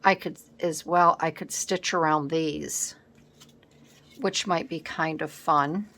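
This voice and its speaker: Lady chatting slow at her craft table at home, kinda low voice, faint hum behind. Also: steady tone, bright, forceful tone. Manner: unhurried, thinking aloud while she works. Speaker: scrapbooking vlogger. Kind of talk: casual crafting tutorial. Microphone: camera set up on the work table.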